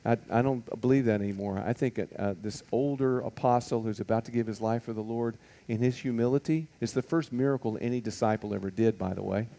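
Man, Bible teacher, relaxed warm tone, chatty, rhetorical questions, frequent ums and uhs. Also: medium pitch, brisk, hardly any pauses. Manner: conversational, full of rhetorical questions and fillers. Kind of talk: casual Bible teaching to a group.

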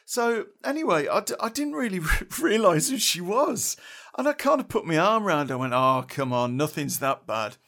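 Middle-aged male storyteller, slightly high voice, rambling and chuckly, salty slang, casual podcast delivery. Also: sing-song, a little fast, fairly bright tone.

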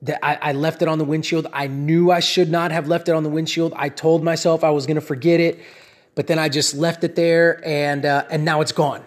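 Rambling storyteller man with a higher voice. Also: fairly quick. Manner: animated, rambling, often asks "right?" and "you know?". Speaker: speaker addressing his audience. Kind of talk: personal storytelling with a lesson.

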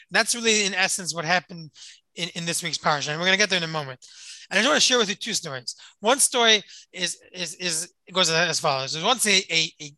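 A man teaching a religious lesson and telling a story, halting and often repeating his words. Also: high-pitched, pushed and bright, no room sound, low-quality recording. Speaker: Torah teacher.

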